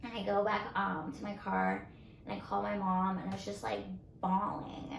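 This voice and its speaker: A woman's voice: medium pitch, flat delivery, normal speed, vocal fry, echoey room, slight background noise, poor audio. A woman in her twenties co-hosting a casual chat, sharing a personal story with many fillers and growing emotion. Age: 20s. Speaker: co-host. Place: indoors, getting ready with makeup.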